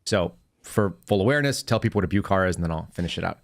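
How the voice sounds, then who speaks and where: Male podcast host, ex-agent, low voice, rapid-fire rambling stories. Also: lively intonation, gravelly, no echo, studio quality. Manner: rapid, rambling anecdotes with self-corrections. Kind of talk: casual podcast chat and storytelling.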